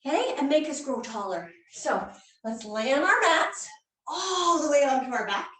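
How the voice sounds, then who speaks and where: A woman's voice: high voice, lively intonation, normal speed, fairly bright tone. A woman leading a guided children's yoga class, speaking in a playful, coaxing way and making animal sounds. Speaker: kids yoga instructor. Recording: echoey room, mic far off.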